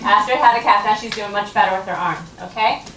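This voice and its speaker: A woman's voice: medium pitch, fast talker, distant mic. A woman teaching first graders to read, patient and coaxing, often checking in with the class. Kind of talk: classroom reading lesson. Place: elementary school classroom. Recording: roomy classroom recorded from afar, noisy.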